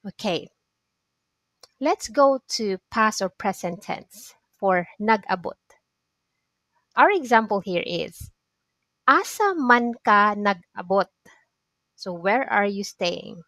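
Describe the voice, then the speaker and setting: Slow-paced woman teaching vocabulary. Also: mid-range voice, expressive, fairly bright tone, no echo. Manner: patient, repeats phrases slowly and checks with "okay?". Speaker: language teacher. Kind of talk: explaining vocabulary lesson.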